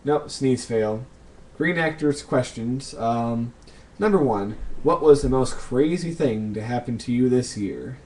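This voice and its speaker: A young man answering viewer questions in a casual vlog, thinking aloud with lots of ums and pauses. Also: mid-range voice, darkish tone.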